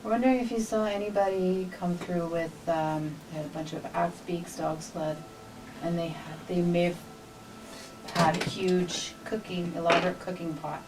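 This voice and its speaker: A woman with a lowish voice asking questions in character during a tabletop game. She sounds distant from the mic, with clicks and steady noise in the background. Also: moderate pace. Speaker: player. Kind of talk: casual tabletop play.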